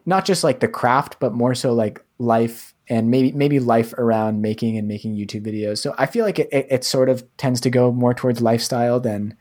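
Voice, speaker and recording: A young American man co-hosting a podcast, talking in a relaxed, hesitant way with lots of ums and likes. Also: mid-range voice, normal speed, hardly any pauses. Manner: relaxed, filler-heavy, hesitant. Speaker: podcast co-host. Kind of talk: casual podcast chat.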